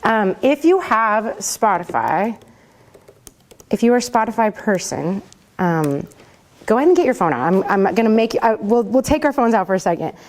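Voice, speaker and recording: A woman's voice: mid-range voice, big pitch swings, moderate pace. A woman, a worship pastor, teaching singers in a class, chatty and laughing often between rambling asides. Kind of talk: casual teaching talk. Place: classroom with a group.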